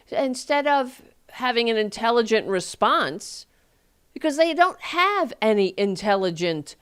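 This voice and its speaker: A woman hosting a live talk show, ranting angrily with profanity and sarcastic mocking asides into a desk microphone. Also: clean tone. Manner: heated, profane, sarcastic, voice jumping high in mockery. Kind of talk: angry political rant on a live show.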